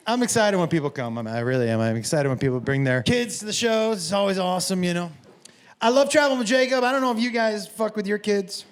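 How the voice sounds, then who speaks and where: A middle-aged man doing stand-up storytelling, profane and animated, who often laughs at his own jokes. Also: high voice, quick pace. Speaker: stand-up comedian. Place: comedy stage before an audience. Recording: live show with loud crowd noise.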